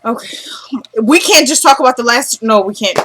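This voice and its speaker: A young woman vlogger recapping a TV episode in an excited, breathless way, talking to her viewers as y'all and acting out what the characters say. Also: on the high side, moderate pace, slight background noise. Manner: animated, breathless, addresses viewers as y'all, acts out character dialogue.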